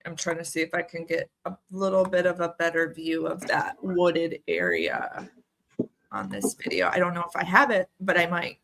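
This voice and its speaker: A woman's voice: lowish voice, expressive, moderate pace, creaky, fairly bright tone, a little hiss or hum. A woman hosting a casual live discussion, asking questions while she works a screen share.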